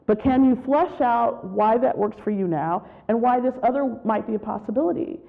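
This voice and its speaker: A woman gives a spiritual retreat talk, with a slightly gravelly voice. She tells her stories in an animated way and acts out what people said. The sound is thin and tinny, like it came over a phone line. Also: on the high side, normal speed. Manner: animated storytelling, acts out quotes. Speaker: retreat speaker.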